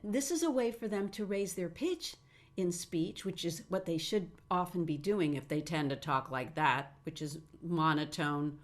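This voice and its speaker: Woman, middle-aged, voice teacher running a webinar. Animated delivery with frequent demos. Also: medium pitch. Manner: animated, demonstrates sounds with her own voice.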